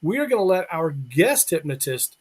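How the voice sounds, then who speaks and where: A man's voice: on the high side, very animated, moderate pace, breathy edge. A man hosting a live online show, joking with co-hosts and reading a guest introduction. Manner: joking, reads intro aloud. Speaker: show host.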